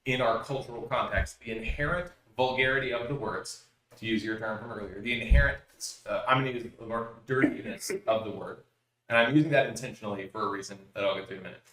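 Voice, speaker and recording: A man's voice: mid-range voice, quick pace, fairly bright tone, slight background noise. A man co-hosting a podcast, arguing his point in casual debate, cutting in often and restarting sentences. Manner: argumentative, interrupts, hesitant restarts. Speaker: podcast co-host. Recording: roomy echo.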